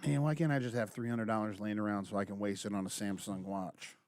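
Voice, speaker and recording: A man's voice: fairly low pitch, fast talker, no echo, studio quality. A man co-hosting a morning radio show, playful and chatty with his co-hosts. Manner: playful, lively, slips into mock accents. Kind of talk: casual morning show banter.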